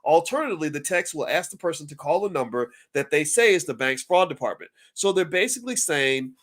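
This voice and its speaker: A middle-aged man giving casual commentary straight to camera, animated and often repeating words as he works through a thought. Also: fairly high pitch, fast talker, few pauses. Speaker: finance commentator.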